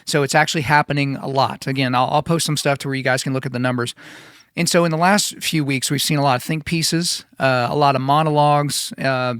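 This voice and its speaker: A man's voice: fairly high pitch, a bit bright, no room sound, clean studio sound. A man in his thirties hosting a solo podcast, talking conversationally and emphatically, often repeating himself. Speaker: podcast host.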